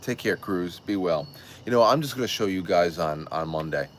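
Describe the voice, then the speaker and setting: A man hosting a casual livestream, telling a rambling, excitable story with restarts and swearing. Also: low voice, normal speed, a little hiss or hum. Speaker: show host.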